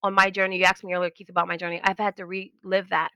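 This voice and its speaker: A woman, a linguist and educator, telling animated stories in a casual podcast conversation and acting out the voices of people she quotes. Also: lowish voice, rapid-fire, clean tone, dry recording, muffled recording. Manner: animated storytelling, acts out quoted voices, laughs often.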